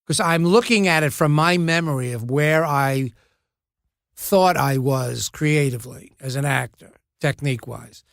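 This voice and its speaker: An older man with a gravelly voice, an actor chatting as a guest and spinning fond, rambling anecdotes. His pitch sits a little high for a man. He is recorded dry and close, with no room sound. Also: slow, fairly bright tone, no echo. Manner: rambling storyteller, fond and amused. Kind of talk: conversational anecdotes.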